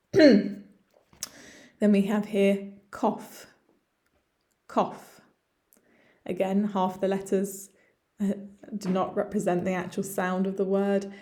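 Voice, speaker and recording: A woman with an English accent teaching medical English, repeating words slowly and clearly for pronunciation practice. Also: medium pitch, level tone, mellow. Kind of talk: lesson narration over slides.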